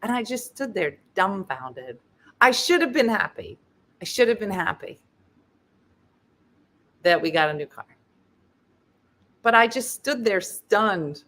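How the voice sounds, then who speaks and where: A woman tells a comic story to her audience, her voice bright and forward. Her pitch leaps around as she acts out each part. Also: slow pace, long pauses. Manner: animated, acts out quoted voices. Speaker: host.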